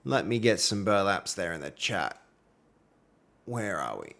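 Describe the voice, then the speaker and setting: A man's voice: low-pitched, very animated, unhurried, creaky, a bit bright. A young Australian man streaming while he codes, chatting casually with viewers and reading their messages aloud, with a friendly manner and plenty of fillers. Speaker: livestreaming programmer. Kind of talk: casual live-stream chat while coding.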